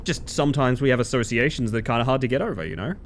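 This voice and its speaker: A man streaming a game from home and chatting casually in a rambling, animated way. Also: mid-range voice, very fast, slight background noise. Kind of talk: casual chat while gaming.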